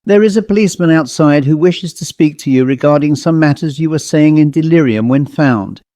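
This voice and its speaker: A man reading an audiobook, voicing a kindly woman nurse who speaks gently and formally. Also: a little high, lively intonation, normal speed, dry recording, close to an everyday voice. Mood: gentle. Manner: gentle, then formal and reassuring. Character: kindly young woman hospital nurse, calm.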